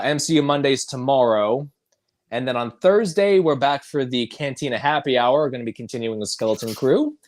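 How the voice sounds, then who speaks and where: A man hosting a casual movie podcast, easygoing and quick to laugh. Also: medium pitch. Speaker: podcast host. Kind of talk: casual chat.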